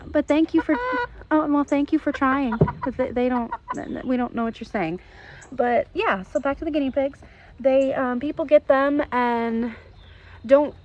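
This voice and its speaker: In her thirties, this woman runs an animal rescue and chats casually for a vlog outdoors in the rain, using many fillers and cooing at her birds. Her voice is medium-pitched and somewhat dark. The lo-fi outdoor audio sounds dull, with slight background noise, faint rain and clucking.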